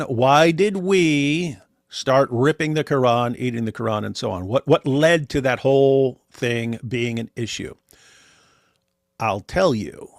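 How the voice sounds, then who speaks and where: A livestream host with a medium-pitched voice talks in casual commentary, emphatic and repeating words as he keeps addressing his audience. The audio is studio quality with no echo.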